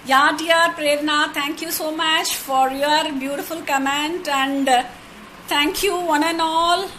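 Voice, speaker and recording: A woman leads a poetry lesson in a high, light voice. She speaks slowly and deliberately, breaking each word into its syllables and repeating them. A faint hiss sits under her voice. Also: steady tone, bright, forceful tone, poor audio. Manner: sounds words out syllable by syllable, patient and repetitive; thanks viewers by name with honorifics. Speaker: poetry workshop teacher. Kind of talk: live online workshop lesson.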